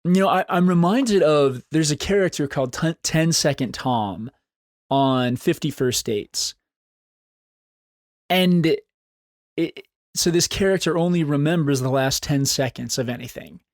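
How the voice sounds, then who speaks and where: A man's voice: on the high side, unhurried, no echo, clean studio sound. A man hosting a solo podcast, talking in an earnest, encouraging way and repeating phrases for emphasis. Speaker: podcast host. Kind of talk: solo motivational podcast talk.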